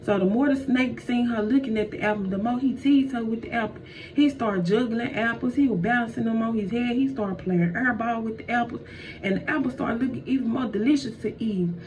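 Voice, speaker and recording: Chatty high-voiced woman telling a story. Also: brisk, darkish tone. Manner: slangy, chatty, addresses listeners as y'all. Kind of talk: casual comedic storytelling. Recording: dull, distant, faint noise.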